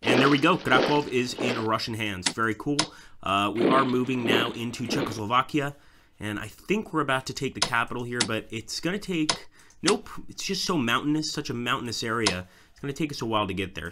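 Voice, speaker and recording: This let's play host talks briskly at medium pitch while playing a strategy game, reasoning out his moves and chatting to viewers as guys. Loud noise fills the background.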